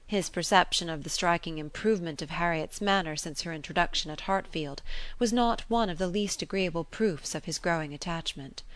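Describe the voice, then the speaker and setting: Woman audiobook narrator, measured and steady, dry close recording. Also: on the low side, dry recording. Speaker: audiobook reader. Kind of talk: scripted narration of a classic novel.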